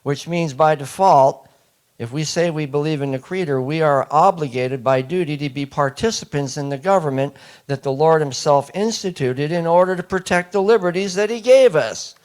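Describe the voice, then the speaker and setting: A man's voice: a little high, normal speed, darkish tone. A man giving a public lecture, emphatic and repeating key points, often putting questions to the audience. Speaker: speaker addressing an audience.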